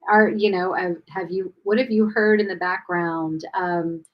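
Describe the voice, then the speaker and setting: A woman's voice: lowish voice, steady tone, a little slow, dull audio. A woman hosting a chat about her cats, talking casually from home with lots of fillers and restarts. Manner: chatty, rambling, many fillers and restarts. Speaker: podcast host.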